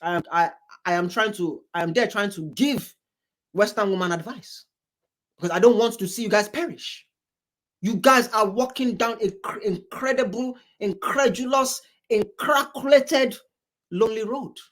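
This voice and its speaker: A man's voice: high-pitched, moderate pace, a bit bright. A man from Africa giving casual reaction commentary, rambling and repeating himself with exasperated asides. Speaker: commentator reacting to a debate show.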